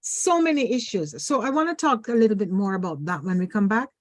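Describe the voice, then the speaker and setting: A woman from Ontario co-hosting a talk show, chatty and quick to finish others' sentences. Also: mid-range voice, animated, no echo. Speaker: radio show co-host. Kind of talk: casual talk show chat.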